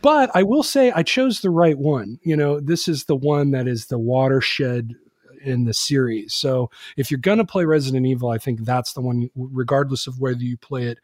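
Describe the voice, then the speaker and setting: In a laid-back podcast chat, this host rambles and fills gaps with filler words. His mid-range voice is a little mellow and moves at normal speed, in a clean studio recording with no echo.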